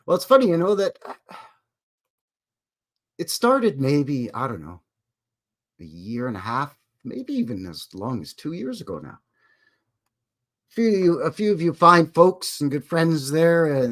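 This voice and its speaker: A man's voice: medium pitch, a bit bright. Chatty Canadian man hosting a stream. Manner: chatty, jokey, self-deprecating, lots of restarts. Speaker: live-stream host. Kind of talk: casual live-stream chat.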